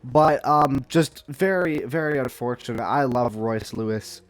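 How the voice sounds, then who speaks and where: A man's voice: mid-range voice, measured pace. A young man hosting a casual news commentary vlog, rambling and snarky, trading playful insults. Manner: rambling, snarky, trash-talking. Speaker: vlog host.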